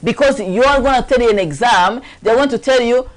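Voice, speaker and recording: A woman with an African French accent, her first language French, hosts a casual talk show. She talks emphatically and with lively energy. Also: fairly high pitch, fairly quick, low-quality recording. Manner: lively, emphatic, laughs often. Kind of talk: casual chat.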